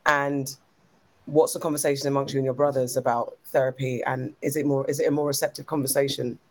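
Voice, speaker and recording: A woman's voice: very deep voice, level tone, a little fast. A woman hosting an interview who asks questions with curiosity and rephrases them as she goes. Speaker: host.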